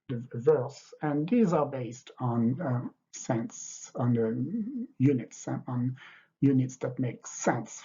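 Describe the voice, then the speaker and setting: An older French literature teacher gives a lecture that includes poetry reading, his mid-range voice husky and warm. He sounds hesitant and explanatory, using many fillers, on a dull, lo-fi recording.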